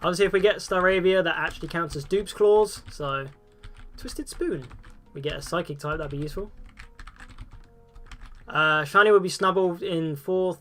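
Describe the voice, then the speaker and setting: Excitable young man streaming a game. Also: high-pitched, moderate pace, pauses often, faint music behind. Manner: casual and excitable, swears freely. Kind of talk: live game stream commentary.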